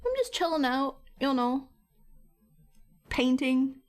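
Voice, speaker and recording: A woman art streamer paints while chatting and teasing her viewers, laughing often and holding back a slight cough. She speaks slowly in a high voice.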